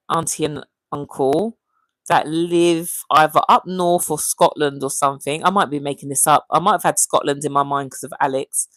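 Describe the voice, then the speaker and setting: A woman hosting a casual livestream, chatting and reading viewer comments aloud in a lively, animated way. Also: sits low, no room sound, poor audio. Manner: chatty and animated, often calling out viewers' names. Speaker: livestream host.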